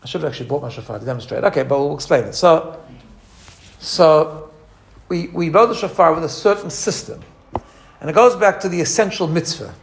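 A man teaching a lively religious lesson. He imitates sounds as he explains and often restarts his phrases. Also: on the high side, a little fast, vocal fry, pauses often, slight background noise. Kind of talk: teaching talk.

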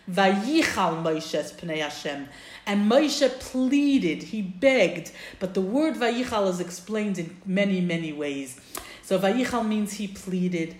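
A woman giving a Torah lesson, reading Hebrew verses and translating them into English, asking lively rhetorical questions. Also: a little high, reverberant. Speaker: Torah teacher.

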